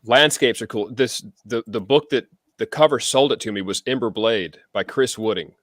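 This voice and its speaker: A man's voice: mid-range voice, normal speed, no room sound. Rambling American man, dry close sound. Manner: rambling, restarts, enthusiastic. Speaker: podcast guest. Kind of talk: casual livestream chat.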